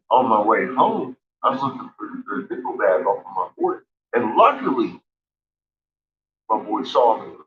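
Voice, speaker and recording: A man telling rambling, profanity-laced stories in casual chat, laughing often between remarks. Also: on the low side. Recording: dull lo-fi stream audio.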